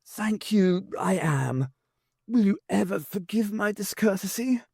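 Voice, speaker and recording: A man's voice: sits high, lively intonation, a little slow, creaky, darkish tone, breathy edge, no echo, studio quality, voice pushed up, exaggerated voice. A man voicing a wheezy, courtly old male president who turns stern when crossed, in a novel reading. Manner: courtly, turning sharply stern.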